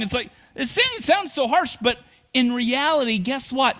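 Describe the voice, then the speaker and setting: Animated high-voiced male pastor preaching. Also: moderate pace. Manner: animated, humorous storytelling. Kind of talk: sermon.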